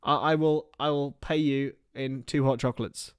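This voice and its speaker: Joking and chatting with his viewers like one of the lads, a young man runs a relaxed football watchalong stream. His medium-pitched voice is clear and resonant, with fairly even intonation and a moderate pace, in a dry, studio-quality recording.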